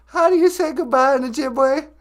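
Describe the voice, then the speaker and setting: A man voicing an innocent male sidekick puppet with a high, squeaky voice. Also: moderate pace. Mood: giggly.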